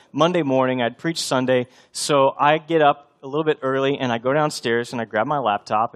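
A male pastor in his thirties preaching a sermon, conversational and often building to emphatic repetition. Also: mid-range voice.

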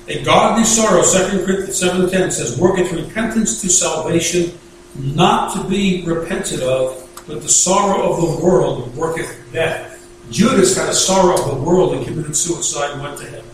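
A man from the United States preaching a sermon, with emphatic delivery and slow, deliberate scripture reading. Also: fairly high pitch, background noise. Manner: emphatic preaching, reads scripture slowly in King James wording. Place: church sanctuary. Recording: echoey church hall, voice from far off.

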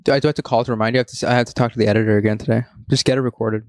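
Fast, blunt young man on a podcast. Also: mid-range voice, fairly even intonation, darkish tone, no echo, studio quality. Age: young adult. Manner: blunt, profane, fast-talking. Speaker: podcast co-host. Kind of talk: casual chat.

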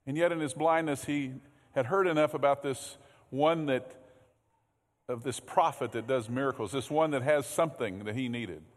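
Long hall reverb fills this church sanctuary as a man with a mid-range voice preaches at normal speed. The pastor keeps his sermon conversational, repeating words often and asking the congregation questions.

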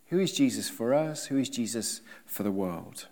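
A man preaching a sermon, emphatic, with rhetorical questions and swings between loud and soft delivery. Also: medium pitch, expressive, moderate pace, long reverb tail.

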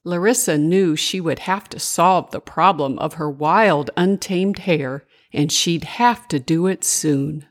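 An older woman narrating a children's bedtime story in a gentle, singsong way. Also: low-pitched, slow pace, few pauses.

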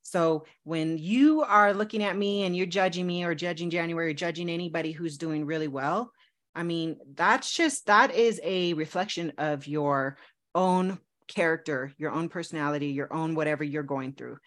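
A woman co-hosting a podcast in casual chat, telling stories in an animated, laughing way. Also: sits low, normal speed. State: engaged to be married. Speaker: podcast co-host.

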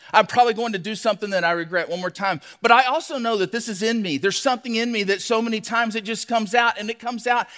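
A man who is a pastor, telling a personal story in a sermon, animated and acting out his own shouts. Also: very high-pitched. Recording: long hall reverb.

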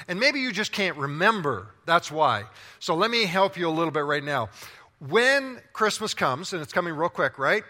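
A male pastor preaches in a large church hall, his voice bright and a little high, and it rings with a long reverb. He is playful and animated, and he keeps talking straight to the people in front of him. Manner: animated, playful, talks directly to the congregation. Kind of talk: sermon.

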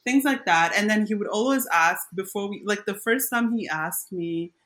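A woman's voice: mid-range voice, moderate pace, a bit bright. A young woman co-hosting a podcast in casual chat, chatty and giggly as she tells stories. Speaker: podcast co-host.

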